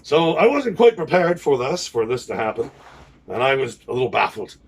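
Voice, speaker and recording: Husky man telling a story. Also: medium pitch, sing-song, moderate pace, recorded from a distance. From Canada. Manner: wry, rambling anecdote with quoted dialogue. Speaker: pirate band musician. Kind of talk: casual storytelling.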